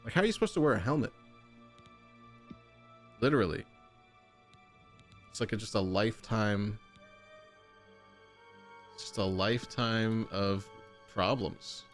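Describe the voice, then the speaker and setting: Chatty low-voiced man playing a game. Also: unhurried, pauses often, faint music behind. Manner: chatty, excitable oohs while browsing options. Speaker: gaming streamer. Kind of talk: casual gameplay commentary.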